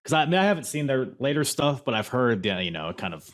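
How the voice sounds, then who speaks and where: A man hosting a casual podcast, loud and rambling, with crude jokes. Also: medium pitch, big pitch swings, fast. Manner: loud, says he yells. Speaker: podcast host.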